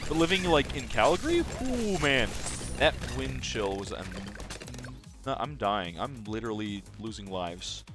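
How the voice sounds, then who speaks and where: Young Canadian man, game streamer, chatty and rambling, lively pitch, game music underneath. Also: measured pace. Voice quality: rambling, chatty, laughs often. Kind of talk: casual gaming commentary to chat.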